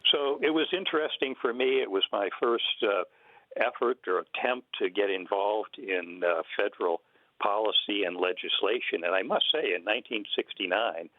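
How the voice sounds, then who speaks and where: An older man talks through a tinny phone connection, his voice sitting low. He explains things in a measured, unhurried way, stopping now and then on fillers. The sound is dry, with no room around it. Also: dry recording. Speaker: guest conservation biologist. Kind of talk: radio interview. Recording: narrow phone-line sound.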